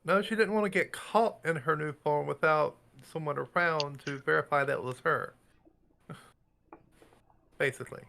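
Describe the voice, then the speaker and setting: A man's voice: a little high, unhurried, vocal fry, pauses often, sharp tone, slight background noise. A man playing in a tabletop game, explaining his character in a casual, hedging way. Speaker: player.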